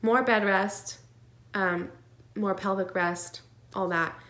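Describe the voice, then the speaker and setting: A woman with a fairly bright, mid-pitched voice and fairly even intonation speaks slowly to camera, recounting her twin pregnancy in a casual vlog. Her telling is emotional and earnest, heavy with fillers and nervous laughs, in an echoey room.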